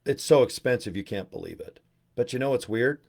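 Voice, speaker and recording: A man from Utah talks to his livestream viewers in a loose, rambling way at a middle pitch. He jokes a lot and swears freely, and his stories get animated. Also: fairly quick, vocal fry. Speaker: network marketing presenter.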